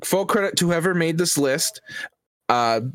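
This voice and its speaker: A man's voice: fairly high pitch, animated, unhurried, clear, resonant tone. A man hosting a casual podcast, rambling a bit with lots of fillers and restarts. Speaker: podcast host. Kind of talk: casual chat.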